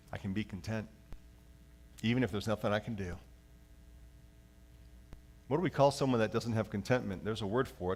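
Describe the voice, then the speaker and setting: Animated male pastor preaching a sermon. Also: fairly low pitch. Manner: animated preaching, slips into acted voices; leads the congregation in reading aloud.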